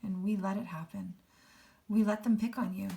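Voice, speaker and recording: An earnest older male teacher weighed down by guilt, as a woman reads him aloud. He speaks in a hushed, urgent way at a middling pitch. It is a plain classroom read-aloud of a novel. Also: fairly even intonation, moderate pace, gravelly, natural voice.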